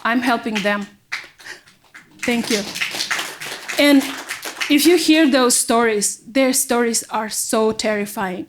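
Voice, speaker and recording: A woman's voice: a little high, background noise. Earnest woman from Kyrgyzstan. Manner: earnest, emotional, halting non-native phrasing. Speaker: panel speaker. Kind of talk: personal testimony at a public event. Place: university event hall.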